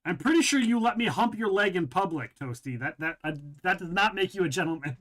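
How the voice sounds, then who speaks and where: A man's voice: high voice, lively intonation, brisk, a bit bright. A man hosting a live game stream, chatting casually to viewers, joking and rambling and chuckling often.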